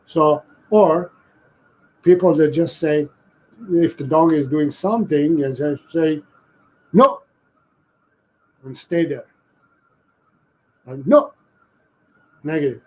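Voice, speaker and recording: Male dog trainer on a live stream; slightly higher voice, unhurried delivery, careful explanations with frequent restarts. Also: fairly even intonation, mellow, poor audio.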